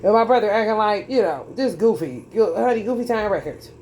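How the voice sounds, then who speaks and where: A woman's voice: medium pitch, animated, fairly quick, a little mellow, a little hiss or hum. A woman giving a tarot reading in a heated, preachy and profane monologue, drawling and emphatic as she talks straight at her viewers. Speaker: tarot reader.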